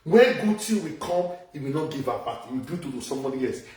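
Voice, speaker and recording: A man with a Nigerian Pidgin accent, ranting loudly in a casual live video, repeating phrases and laughing between points. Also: medium pitch, expressive, fast, distant mic. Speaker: social media commentator. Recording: echoey room, voice away from mic.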